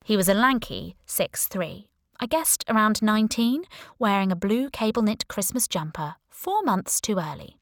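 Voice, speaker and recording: A woman reading a first-person thriller aloud in a wry, sardonic voice, quick to mock herself. Her mid-pitched voice sits close and dry on a studio mic, with no room around it. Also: dry recording. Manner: wry, sardonic, lively storytelling. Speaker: audiobook narrator. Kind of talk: first-person audiobook narration.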